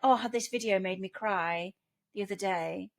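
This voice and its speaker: A woman's voice: medium pitch, moderate pace, creaky. Chatty woman telling stories. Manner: chatty storyteller, acts out the people in her stories. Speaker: podcast co-host. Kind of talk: casual chat.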